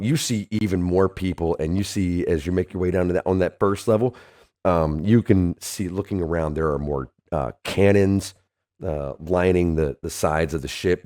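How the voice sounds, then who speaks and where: A male game master with a very low, mellow voice narrates a tabletop game. He rambles and drops in casual asides as he describes the scene. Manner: rambling with frequent ums and asides.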